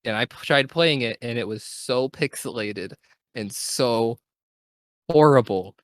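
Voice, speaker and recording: A man's voice: mid-range voice, unhurried, no echo. A young man hosting a casual gaming podcast, talking in an enthusiastic, rambling way and correcting himself as he goes. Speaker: podcast host.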